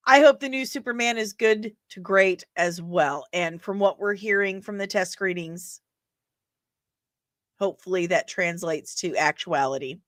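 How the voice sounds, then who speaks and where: A woman hosting a casual live stream, chatting playfully with sudden bursts of loud energy. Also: medium pitch, a little slow, long pauses, no echo, clean studio sound.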